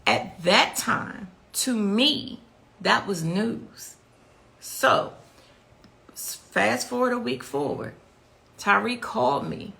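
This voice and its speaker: Woman, very gravelly voice, lively swinging pitch, emotional interview testimony. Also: slow, pauses often. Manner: recounts events with rising, frantic intensity. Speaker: interviewee, mother of victim.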